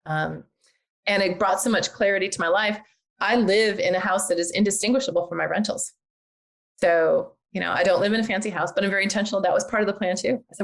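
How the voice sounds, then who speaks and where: An older woman talking on a podcast in an animated, chatty way, full of fillers. Her voice has a gravelly, creaky edge. Her pitch sits mid-range for a woman. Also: quick pace. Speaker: guest, real estate agent and investor. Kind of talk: casual podcast interview.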